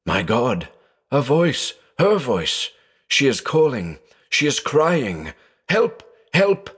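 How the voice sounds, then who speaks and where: A man's voice: sits low, expressive, a little slow. A man voicing a terrified old blind man who reasons anxiously, then breaks into frantic shrieks. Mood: rising panic. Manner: fearful, rising to frantic shrieks.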